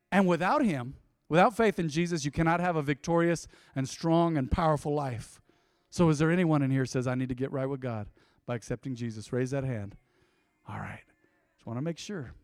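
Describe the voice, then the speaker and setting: A male pastor delivers a sermon in a call-and-response style, with joking and laughter between points, then builds into fervent prayer. His voice sits fairly high for a man, and the recording is close and dry, with little room sound. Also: no echo.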